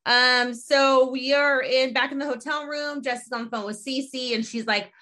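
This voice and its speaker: Female podcast host, higher register, bright tone; lively, chatty episode recapper. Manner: lively storytelling, quick asides. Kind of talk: casual chat recapping a sitcom episode.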